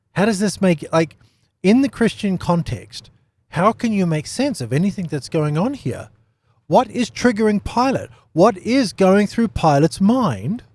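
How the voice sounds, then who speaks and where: Animated man teaching a Bible study. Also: on the high side, moderate pace. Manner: animated, many rhetorical questions and repeated phrases. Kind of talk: unscripted teaching talk.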